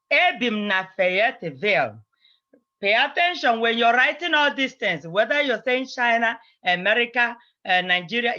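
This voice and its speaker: Bright-voiced woman teaching a language lesson. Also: medium pitch. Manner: drills phrases, repeating each several times. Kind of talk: slow, repetitive language lesson. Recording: slightly dull, lo-fi recording.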